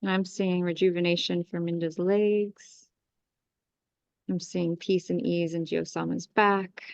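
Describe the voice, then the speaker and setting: A woman astrologer leading a live group energy clearing, guiding breaths and chanting soothing, commanding incantations. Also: fairly low pitch, little pitch movement, measured pace, darkish tone, no echo, muffled recording. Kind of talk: guided energy clearing meditation.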